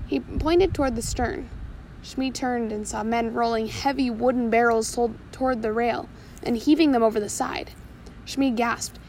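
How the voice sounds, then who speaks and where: A woman's voice: a little high, steady tone, moderate pace, darkish tone, a little hiss or hum, poor audio. Woman reading a pirate story aloud. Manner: reads with small slips and self-corrections.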